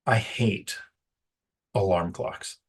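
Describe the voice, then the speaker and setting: A real estate investor vlogger talks casually to the camera about landlord life, rambling and poking fun at himself when he loses a word. His voice is fairly low, with drawn-out words and a slightly rough quality.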